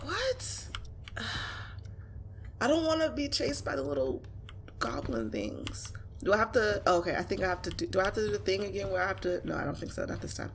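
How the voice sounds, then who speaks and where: A woman's voice: mid-range voice, very animated, brisk, creaky, a little hiss or hum. A woman giving let's-play commentary, jumpy and swearing, who shrieks when she gets scared. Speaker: gamer.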